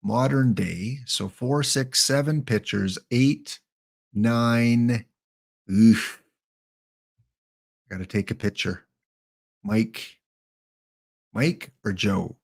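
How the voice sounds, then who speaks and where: A male streamer in the middle of a live game session, talking at an unhurried, drawn-out pace. His voice sits at an ordinary male pitch. He mulls over each choice out loud, repeats names under his breath, and turns now and then to chat with viewers. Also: vocal fry. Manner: thinks aloud while picking cards, mutters names; chatty asides to chat viewers. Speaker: livestream host. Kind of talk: live gameplay commentary.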